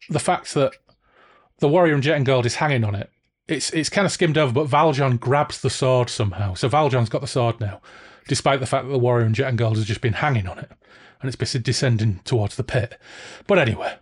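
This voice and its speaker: Animated, joking man discussing a book. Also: medium pitch, a little fast, breathy edge. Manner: animated, laughing and swearing. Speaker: podcast host.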